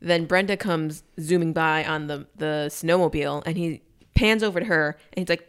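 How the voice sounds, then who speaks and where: A woman's voice: low-pitched, normal speed, clear, resonant tone. A woman casually recapping a movie with a friend, acting out the characters' lines in playful voices. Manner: animated, acts out character lines in funny voices.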